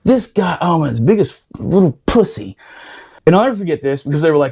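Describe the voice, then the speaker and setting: High-pitched, animated storyteller man. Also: a little fast, gravelly, breathy edge. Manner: profane, animated, laughing while telling. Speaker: podcast storyteller. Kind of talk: casual storytelling chat.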